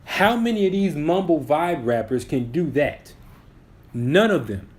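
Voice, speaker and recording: A man's voice: fairly high pitch, animated, unhurried. A man in his twenties co-hosting a podcast, casually arguing his opinions and restarting sentences as he builds his points. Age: 20s. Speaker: podcast co-host. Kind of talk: casual chat.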